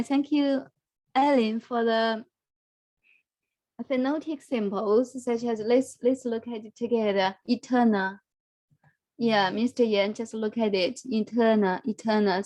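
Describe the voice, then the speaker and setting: A woman's voice: on the high side, a little mellow, no room sound. A woman teaching English in an online class, coaching pronunciation and praising her students while she repeats words for them to practice. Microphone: video call.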